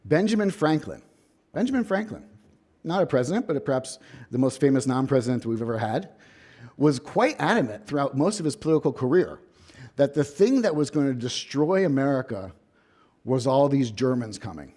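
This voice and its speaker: Guy professor giving a lecture in a hall, warm mellow voice, storyteller vibe w dry little jokes. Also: mid-range voice, expressive, a little fast. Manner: wry asides, storytelling emphasis. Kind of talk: academic lecture.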